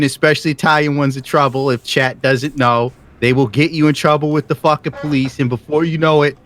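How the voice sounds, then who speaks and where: A man in casual chat, blunt and profane, spinning dry, deadpan stories. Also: a little high. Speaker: YouTuber guest.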